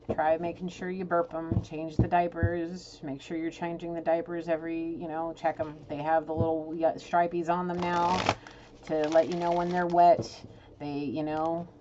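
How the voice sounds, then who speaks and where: A woman giving a casual tarot reading, emotional, blunt and exasperated as she talks. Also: sits low. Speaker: tarot reader. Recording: dull lo-fi sound with clear noise.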